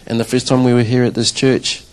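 His mid-range, smooth voice moves a little fast as this church drummer tells the congregation his testimony over poor audio. It's conversational storytelling, brought to life with acted-out quotes and reactions of his own.

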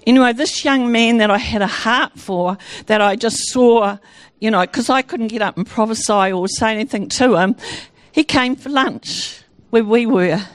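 In a close, dry recording free of echo, a woman from New Zealand delivers her Christian testimony to an audience. Her voice is on the high side and her speed normal, and she speaks with animation, breaking off and beginning her sentences again.

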